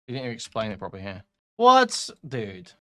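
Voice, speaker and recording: Male commentary host, mid-pitched, profane, jumps from mutters to bursts. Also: wildly swooping pitch, a little fast, clean tone. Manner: profane, swings between mumbling and loud outbursts. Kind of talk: reacting to clips, casual commentary.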